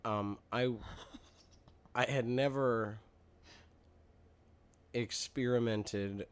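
A man's voice: medium pitch, steady tone, extremely slow, clear, resonant tone. A man co-hosting a podcast, telling a rambling story in casual chat with playful, mock-childish exaggeration. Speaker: podcast co-host.

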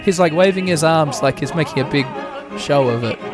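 A man hosting a podcast, giving an irreverent, profane, enthusiastic play-by-play of an opera, his voice a bit hoarse. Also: on the high side, a little fast. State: hoarse, recovering throat. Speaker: podcast host. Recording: opera music playing behind.

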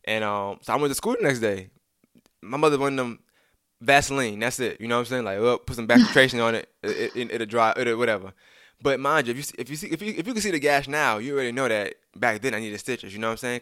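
A young man tells a rambling personal story at a fast clip, circling back with restarts and asides to his listener. He slips into animated versions of the people he quotes. The sound is dry and close, with no room around it. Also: medium pitch, dry recording. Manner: animated acting out of quoted lines. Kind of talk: casual storytelling.

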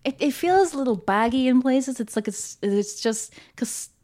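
A woman's voice: high voice, animated, normal speed, dark tone. A woman co-hosting a podcast, chatting enthusiastically about a film with frequent laughter. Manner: chatty and enthusiastic, laughs often, many fillers. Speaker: podcast co-host. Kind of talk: casual film discussion.

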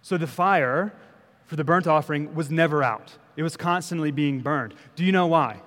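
A man's voice: fairly high pitch, normal speed, fairly bright tone, in a large hall. A male pastor giving a conversational sermon, often checking in with the congregation. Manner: conversational preaching, frequent "okay?" check-ins. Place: church sanctuary.

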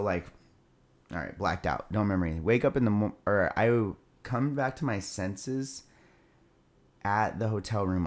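A young man casually telling a rowdy party story, loose and profane, laughing as he goes. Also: deep voice.

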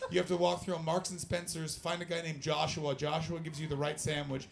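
A man's voice: a little high, fairly quick, vocal fry, a little hiss or hum. A young Canadian man doing stand-up, telling loose, profane stories and chatting with the crowd. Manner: loose, profane, animated storytelling. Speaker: stand-up comedian. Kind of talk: stand-up crowd work and storytelling.

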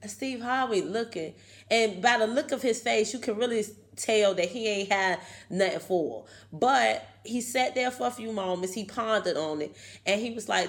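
A woman with a mid-range voice speaking at normal speed hosts a video, giving viewers a casual, emphatic motivational talk. She's chatty and keeps tagging her lines with "okay."

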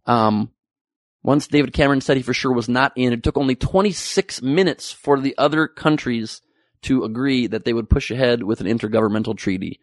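Sarcastic comedian with a gravelly voice. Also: male voice, medium pitch, moderate pace, dry recording, clean studio sound. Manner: sarcastic, profane, rambling. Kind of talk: topical comedy monologue.

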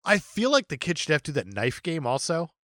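A man co-hosting a movie podcast in casual chat, animated and jokey, acting out characters in quick bits. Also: a little high, dry recording, clean studio sound. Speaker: podcast co-host.

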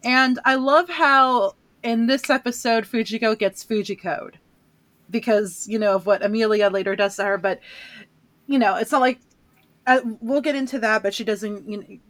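A woman's voice: fairly high pitch, fairly even intonation, moderate pace, a bit bright, no echo. A woman co-hosting a casual podcast, chatty and joking with frequent fillers. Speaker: podcast co-host.

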